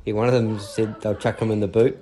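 A man's voice: fairly low pitch, little pitch movement, brisk, over music. A man, a dad telling a story on a radio show in a laid-back, chuckling way. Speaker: caller.

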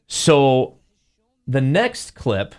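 A man's voice: mid-range voice, very slow, dry recording, clean studio sound. A male podcast host retells a story casually, acting out quotes as he goes. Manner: animated retelling, acts out quotes.

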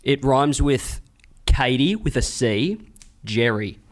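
A man, a comedian co-hosting a podcast, who plays it deadpan and straight for laughs into a studio mic. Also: mid-range voice, slow pace.

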